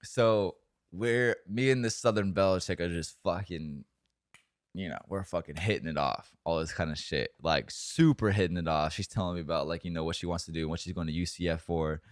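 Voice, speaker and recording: A man's voice: deep voice, brisk, no room sound, clean studio sound. A young man co-hosting a podcast, telling a long story in a rambling, profane, casual way full of fillers. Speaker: podcast co-host.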